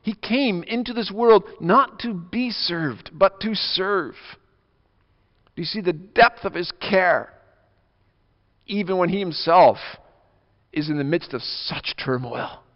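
A pastor preaching an earnest, emphatic sermon, his voice swinging between soft and loud. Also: sits high, animated, slow. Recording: dull lo-fi audio with long reverb.

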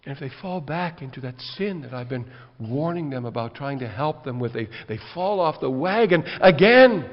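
A man preaching a sermon, swinging between loud rhetorical questions and quiet, earnest passages. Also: a little high, expressive, moderate pace, few pauses. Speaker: pastor. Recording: dull lo-fi recording with long hall reverb.

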